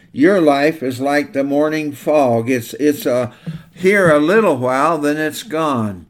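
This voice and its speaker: A man preaching a sermon in a voice of middling pitch. He tells illustrative stories earnestly and slows down on the lines he wants to land. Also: a bit bright. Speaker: pastor.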